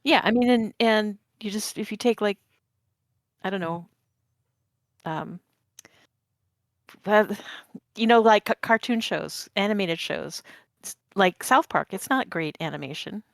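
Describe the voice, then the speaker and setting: Woman, podcast co-host, halting thoughtful chat, dry close sound. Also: medium pitch, creaky, no room sound. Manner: thoughtful, halting, searches for words. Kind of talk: casual chat.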